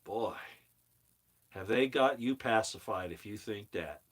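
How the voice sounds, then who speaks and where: A middle-aged man with a fairly low voice and lively intonation talks at normal speed on his own commentary channel. His monologue is opinionated, heated, and preachy, full of emphatic repetition.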